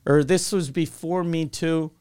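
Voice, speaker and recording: A man from Quebec, a comedian telling stories in casual chat, animated and profane. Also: on the high side, unhurried, smooth.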